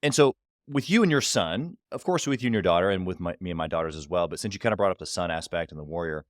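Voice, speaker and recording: A man in his thirties with a very deep voice hosts a podcast interview. He is reflective and affirming, now and then growing animated. The recording is dry and close. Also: fast, no room sound. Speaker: podcast host.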